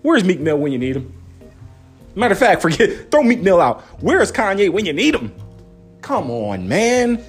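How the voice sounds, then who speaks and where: Animated man ranting into his phone. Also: high voice, breathy edge, soft background music. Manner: animated, incredulous, rapid-fire rhetorical questions. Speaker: sports fan vlogger. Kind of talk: casual phone-camera rant.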